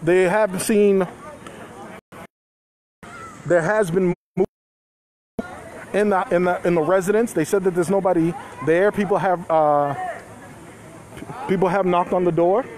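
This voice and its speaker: A man covers a street protest live, his phone in hand, speaking loosely to his viewers and chuckling now and then. His voice sits high and a little mellow, with fairly even intonation, an unhurried pace, and long pauses. Around him outdoors are passing cars and faint street noise.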